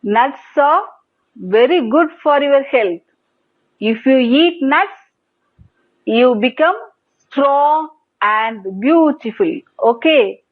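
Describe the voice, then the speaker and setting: A woman's voice: high-pitched, animated. A woman with an Indian English accent teaching young children English on TV, prompting them to repeat words and praising them often. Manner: slow, sing-song prompting with repeated praise. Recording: tinny phone-like broadcast audio.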